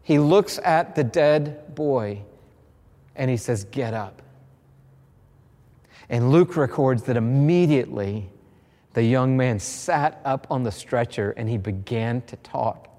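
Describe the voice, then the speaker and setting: A man's voice: mid-range voice, measured pace, dark tone. A man preaching a sermon, telling a story with emphatic, repeated phrases. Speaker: pastor. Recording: long reverb of a large hall.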